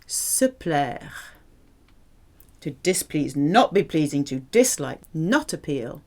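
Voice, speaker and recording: Woman, French teacher, slow careful pace, lively swooping pitch, drills verb forms. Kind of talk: language lesson.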